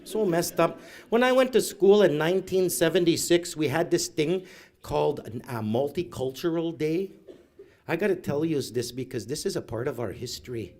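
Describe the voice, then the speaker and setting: A man's voice: fairly high pitch, moderate pace. A middle-aged man, telling funny personal stories at an event and acting out his relatives' voices. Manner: animated, acts out relatives in quoted voices. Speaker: storyteller at a graduation event. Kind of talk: humorous personal storytelling. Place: event hall.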